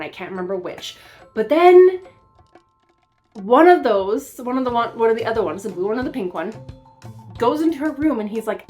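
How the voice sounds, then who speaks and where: A woman with a fairly high voice chats casually about a book she read. She retells it in an animated, amused way, with faint music playing underneath. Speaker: book reviewer. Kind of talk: casual chat.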